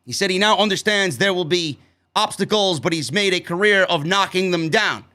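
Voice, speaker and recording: A man's voice: high-pitched, normal speed, sharp tone. A man hosting a wrestling show review, ranting heatedly and swearing constantly as he talks through the episode.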